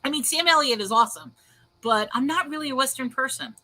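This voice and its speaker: A woman's voice: high voice, fast, sharp tone, dry recording. A woman hosting a casual livestream chat, rambling and laughing often as she reads viewer comments aloud. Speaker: host.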